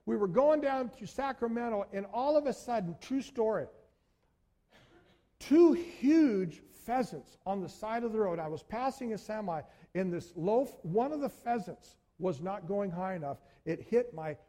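A man preaches to his congregation with a voice pitched higher than most men's. He tells his stories with lively, animated energy and often calls out to the listeners. His voice climbs higher when he presses a point. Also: a little slow. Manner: animated storytelling, addresses congregation as folks. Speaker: pastor. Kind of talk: sermon. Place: church.

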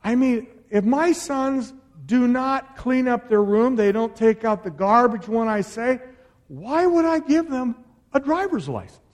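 A middle-aged man preaching as a pastor, swinging between loud exhortation and quiet, intimate asides. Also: extremely high pitch, animated, a little slow. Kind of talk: sermon.

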